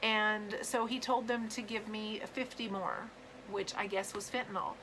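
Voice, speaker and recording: A woman sharing her own story in a personal vlog, talking earnestly and haltingly with many fillers and restarts. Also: mid-range voice, fairly even intonation, background noise.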